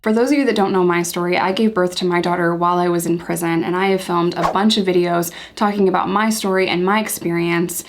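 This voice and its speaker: A woman's voice: on the low side, fairly even intonation, quick pace, few pauses, music in the background. A woman in her thirties giving earnest, emotionally charged commentary to camera as a vlogger.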